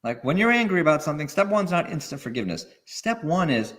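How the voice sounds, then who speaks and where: A man guest on a podcast interview, explaining in an animated way and acting out quoted feelings. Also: on the high side, fast. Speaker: guest expert.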